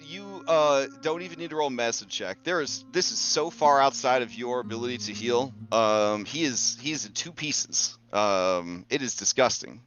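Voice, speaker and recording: A man's voice: mid-range voice, normal speed, few pauses, lo-fi sound, soft background music. A man narrating as game master of a tabletop game, talking with lots of fillers and restarts. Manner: lively, many fillers and restarts.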